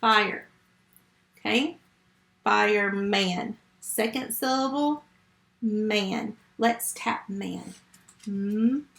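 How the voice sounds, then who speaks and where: A woman's voice: mid-range voice, creaky, a bit bright, reverberant. A woman teaching a first grade phonics lesson remotely, patient and step by step. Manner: slow, patient, step-by-step teaching to young children.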